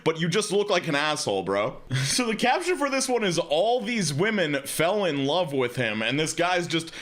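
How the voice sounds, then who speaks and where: Sarcastic, bright-voiced male reaction host. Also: on the high side, sing-song, normal speed. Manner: sarcastic, swears freely. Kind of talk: casual commentary.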